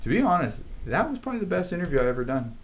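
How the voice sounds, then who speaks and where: A man's voice: high-pitched, sing-song, rapid-fire. A young man hosting a casual livestream chat, laid-back, swearing often, with lots of fillers. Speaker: host, band drummer.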